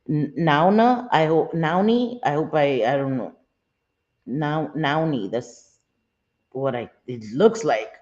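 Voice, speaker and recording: A woman's voice: sits low, darkish tone, lo-fi sound. A middle-aged woman hosting a casual live chat, talking in a loose, chatty way and often laughing. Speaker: livestream host.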